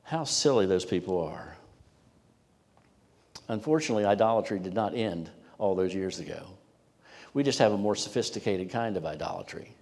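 A man preaching a sermon emphatically, rising in pitch and volume when reading scripture and dropping low for asides. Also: lively intonation, normal speed, pauses often, darkish tone. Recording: long hall reverb.

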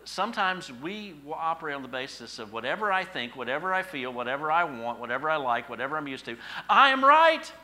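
A middle-aged male pastor preaching a sermon, telling stories with emphatic, animated repetition. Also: medium pitch, quick pace, few pauses, poor audio.

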